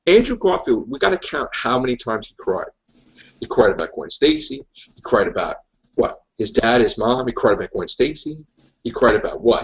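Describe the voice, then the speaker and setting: A man's voice: mid-range voice, sing-song, normal speed. A man hosts a casual podcast chat, ranting with emphasis and hammering the same points again and again. His voice swings widely up and down. The audio is muffled and lo-fi. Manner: ranting, emphatic, repeats himself. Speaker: podcast host.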